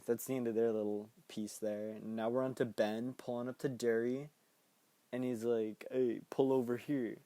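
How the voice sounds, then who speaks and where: A man's voice: mid-range voice, dark tone, dry recording. Rambling, swearing man recapping a film. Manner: rambling, laughs often, swears, acts out quotes. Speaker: podcast host reviewing a film. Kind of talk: casual recap chat.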